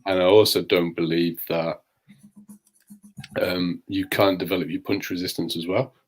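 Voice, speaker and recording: A man on a live show calmly giving his opinions on boxing. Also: low-pitched, faint music behind. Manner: measured, opinionated. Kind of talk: casual boxing analysis.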